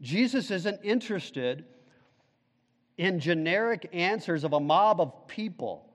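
A man's voice: high-pitched, animated, unhurried, big-room sound. A male pastor preaching a sermon, emphatic, putting questions to the congregation.

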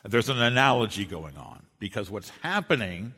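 A male pastor preaching an earnest sermon, slowing down and dropping soft on key phrases. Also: on the low side, very animated, breathy edge. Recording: long hall reverb.

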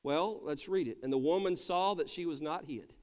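Man, pastor, sermon, high voice, calls for amens, long church reverb. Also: moderate pace, a little mellow. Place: church sanctuary.

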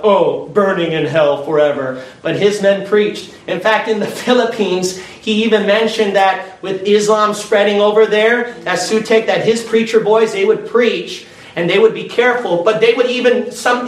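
A man preaching a sermon and telling stories in an animated way. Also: high voice. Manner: animated, storytelling with energy. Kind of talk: sermon storytelling. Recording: echoey room from far off with faint noise.

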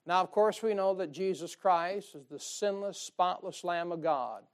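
A man's voice: sits high, a little slow. A man preaching a sermon in a folksy, emphatic way, with many asides to his listeners. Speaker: pastor.

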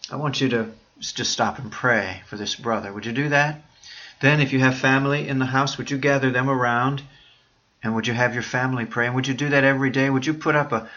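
Earnest, bright-voiced male radio preacher. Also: medium pitch, highs cut off. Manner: earnest, urging listeners with repeated questions. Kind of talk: devotional radio talk.

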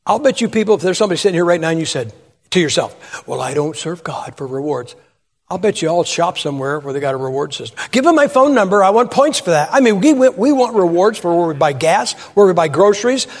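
A man's voice: high-pitched, animated, fast, long reverb tail. A man preaching a humorous sermon in church, telling folksy stories, asking the crowd rhetorical questions and acting out voices. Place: church sanctuary.

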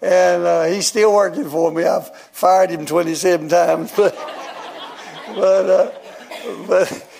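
A man's voice: high-pitched, steady tone, slow, gravelly, darkish tone. A man, telling a personal story in a folksy, rambling sermon and chuckling often. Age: 70s. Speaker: guest preacher.

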